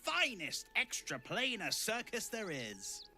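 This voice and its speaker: An actor playing a flattering, smooth-talking male circus barker in a video game. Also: sits high, slow, faint music behind, exaggerated voice. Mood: showy. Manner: theatrical, flattering, sing-song announcing. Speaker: circus greeter.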